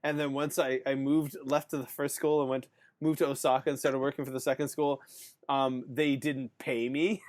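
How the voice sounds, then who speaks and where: A man's voice: mid-range voice, flat delivery, moderate pace, darkish tone. A male podcast host in casual chat who rambles, fills his talk with "um" and "like", and laughs often. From Canada.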